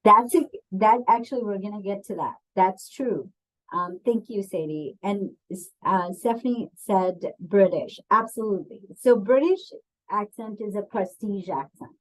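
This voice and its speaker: In a low-quality recording, a woman working as a diversity and bias trainer gives a webinar on bias. She's conversational, uses plenty of ums, and puts questions to her audience, speaking at a medium pitch and a little slowly.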